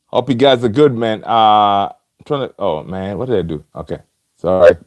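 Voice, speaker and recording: Streaming casually from home with a webcam setup, a man talks to his fans by name, often using filler words and starting sentences over. He has a lowish, darkish voice at normal speed, with no echo in the sound.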